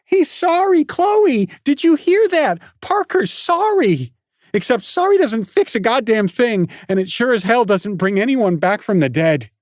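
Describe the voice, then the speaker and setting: A man voicing a grieving teenage girl who screams in fury, high and raw. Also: slow pace, darkish tone, dry recording, studio quality. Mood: furious screaming. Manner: screaming, high-pitched, spitting rage.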